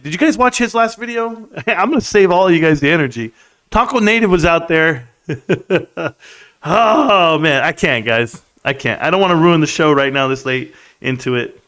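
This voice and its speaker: A man's voice: a little high, a bit bright. A man hosting a casual livestream from a room at home, reading out chat in a laid-back, chummy way and laughing often.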